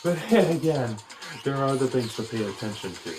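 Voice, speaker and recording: A man's voice: mid-range voice, lively intonation, fairly quick, over music. A man giving a casual, opinionated critique of a cartoon, rambling with frequent restarts. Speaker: video commentator.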